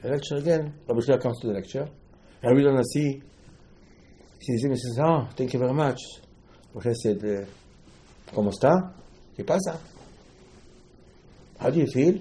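Animated man telling Talmud stories. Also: mid-range voice, normal speed, long pauses. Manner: animated storyteller, repeats phrases, mixes Hebrew terms. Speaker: rabbi teaching Talmud. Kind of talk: storytelling Torah class.

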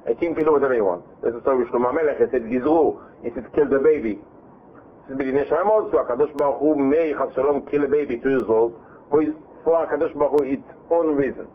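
A man teaching a Bible class, reading verses and translating them, retelling the story in a lively way with frequent self-repeats and restarts. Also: mid-range voice, fast. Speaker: Torah teacher. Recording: tinny phone-like line with faint hiss.

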